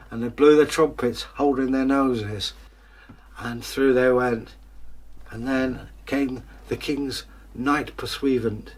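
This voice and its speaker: A man telling a fairytale aloud as a storyteller and host, lively and chatty, with joking asides. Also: medium pitch, slow, long pauses.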